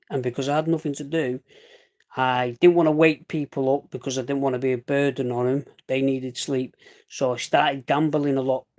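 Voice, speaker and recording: A man from Salford with a Mancunian accent, rambling in fast, casual live-stream chat and calling listeners "mate". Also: mid-range voice, darkish tone. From Salford, England. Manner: rambling, chatty, says "mate" often; fast dialect.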